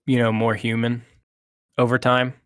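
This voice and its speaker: A man's voice: mid-range voice, completely flat delivery, normal speed, fairly bright tone, clear, resonant tone, no echo, clean studio sound. A man co-hosting a casual movie review chat, retelling the plot with hesitations and restarts.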